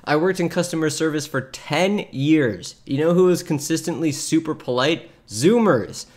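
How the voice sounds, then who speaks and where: A man's voice: a little high, moderate pace, a little mellow. Chatty man laughing through reactions. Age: 30s. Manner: chatty, laughs often, reads posts aloud with asides. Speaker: streamer reacting to online posts. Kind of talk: casual reaction commentary.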